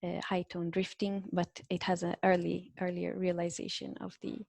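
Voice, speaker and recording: A woman presents a research talk over a video call. She pauses on fillers and restarts her phrases, and a gravelly edge runs through her voice. The mic is close and dry. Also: lowish voice, completely flat delivery, darkish tone, no room sound. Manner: hesitant, many fillers and restarts. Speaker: invited linguistics speaker. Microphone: computer microphone on a video call.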